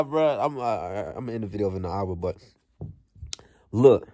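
A man's voice: lowish voice, lively intonation, moderate pace, warm tone, no room sound, clean studio sound. A young man vlogging in a blunt, profane, slang-heavy motivational rant that repeats itself.

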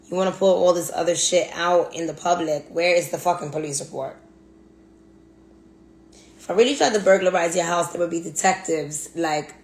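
A woman's voice: lowish voice, a little mellow. A woman venting in a blunt, profane monologue, repeating herself for emphasis. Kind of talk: angry monologue rant. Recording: echoey room, faint background hum.

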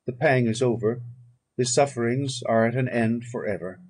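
Husky-voiced young male friend in an audiobook, earnest and consoling, read by a man. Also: mid-range voice, moderate pace, darkish tone, lightly acted. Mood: sorrowful.

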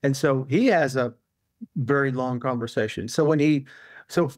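A man's voice: medium pitch, moderate pace, no room sound, studio quality. A male author, a guest in an interview, telling a long anecdote casually with many fillers and restarts.

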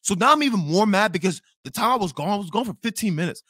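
Fast, animated young man ranting. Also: high voice, no echo, studio quality. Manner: animated, swearing, repeats himself when angry. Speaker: podcast host telling a story. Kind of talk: profane storytelling rant.

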